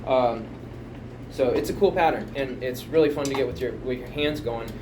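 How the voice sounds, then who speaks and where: A man's voice: mid-range voice, moderate pace, noisy background. A man casually explaining a drum pattern, rambling and chatty, counting beats aloud at home. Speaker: drum teacher. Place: home music room. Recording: home room, mic picking up loud drum kit from a distance.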